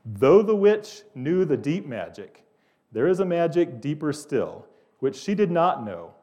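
A man voicing a great lion king, speaking gravely and calmly in a low, quiet voice, read within a sermon. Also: measured pace. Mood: solemn. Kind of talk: reading aloud in a sermon.

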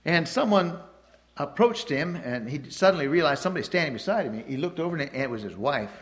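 A man with a slightly high voice preaches a sermon. He talks in a loose, conversational way, telling little stories, trailing off with fillers and starting phrases over, and chuckling at his own anecdotes. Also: animated, fairly quick. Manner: conversational storytelling, frequent fillers and restarts.

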